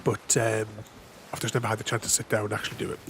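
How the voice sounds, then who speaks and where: A man's voice: fairly low pitch, quick pace. A man giving casual, rambling gameplay commentary as a channel host, often restarting his sentences and chuckling to himself. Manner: rambling, self-interrupting, chuckling. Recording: voice over steady game noise.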